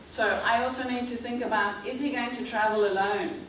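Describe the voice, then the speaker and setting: A woman, director of a tour operator, delivers a classroom presentation as a guest lecturer at a university, speaking slowly and clearly and often checking "okay?". Her voice is a little high, fairly bright, and fairly even in intonation. The recording is echoey, from a distant mic, with faint noise.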